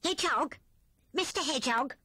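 A woman voicing a thin, hungry male rat who whines and pleads in a high voice. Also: animated, normal speed, sharp tone, no echo, studio quality. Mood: whining. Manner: whining, high and squealing.

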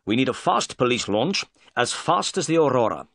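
A man voicing a confident, brisk detective who gives firm orders, read as a story. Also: medium pitch, sing-song, fairly bright tone, no room sound.

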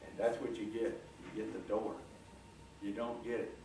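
A man's voice: mid-range voice, moderate pace. Folksy man in an echoey hall. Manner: folksy, animated, coaxing the audience. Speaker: guest speaker. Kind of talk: motivational talk. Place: large lecture room. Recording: echoey room, distant mic, faint hiss.

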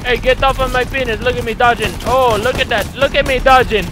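A young man giving casual, profane, excitable commentary while playing a war shooter, shouting at the game. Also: very high-pitched, normal speed, a little hiss or hum. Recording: loud gunfire from the game over the voice.

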